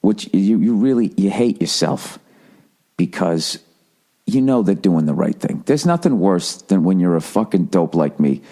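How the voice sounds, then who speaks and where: A middle-aged American man with a fairly low voice, ranting on a podcast. He swears freely, stumbles and restarts sentences, and keeps a loose comedic flow. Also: expressive, unhurried, mellow. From United States. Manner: profane, ranting, with frequent restarts. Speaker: podcast host.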